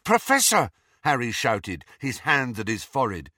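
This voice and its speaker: A man reading a novel aloud in an expressive storytelling manner. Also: medium pitch, a little slow, dry recording, studio quality. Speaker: narrator.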